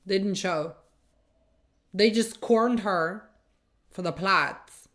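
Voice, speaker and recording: A woman's voice: mid-range voice, takes it slowly, fairly bright tone. A woman hosting a reaction video, giving casual commentary in a blunt, sarcastic, exasperated way.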